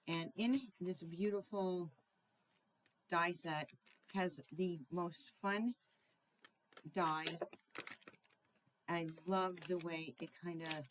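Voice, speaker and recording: Middle-aged woman, lowish voice, casual craft tutorial host, chatty with ums. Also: a little hiss or hum. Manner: chatty, searching for words, frequent ums and throat clearing. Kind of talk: casual card-making tutorial.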